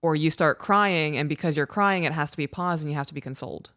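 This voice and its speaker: A woman's voice: deep voice, quick pace, fairly bright tone, dry recording. Woman cohost talking about her feelings, earnest and reflective, dry close mic. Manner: earnest, reflective, frequent short affirmations. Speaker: podcast co-host. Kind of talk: casual relationship chat.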